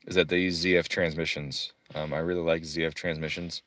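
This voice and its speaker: A car tuner and streamer casually walks through a tuning website, swearing freely and launching into irritated rants. His voice is a rumbling low, level in tone and a bit bright, with no room sound.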